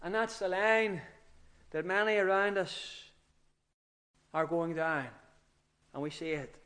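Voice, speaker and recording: A man's voice: high-pitched, slow, sharp tone. A man preaching an earnest, emphatic sermon with rising outbursts.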